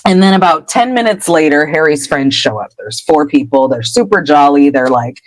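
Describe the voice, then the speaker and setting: A woman's voice: low voice, normal speed, poor audio. A woman podcast host casually recapping a book chapter, laughing and popping into character voices. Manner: animated, laughing storyteller.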